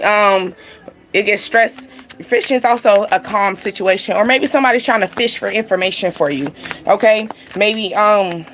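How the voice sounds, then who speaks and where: A woman's voice: medium pitch, slight background noise. A young woman giving a casual spiritual card reading to camera, rambling and chatty, full of "like" and "you know". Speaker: tarot card reader.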